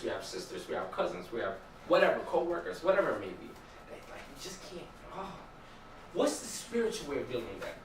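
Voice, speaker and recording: Speaking to a group in a church hall, a young male teacher keeps his Bible study chatty and informal, often asking the room questions. The pitch is fairly high and the tone fairly bright, and the recording is echoey with the mic far away and slight background noise.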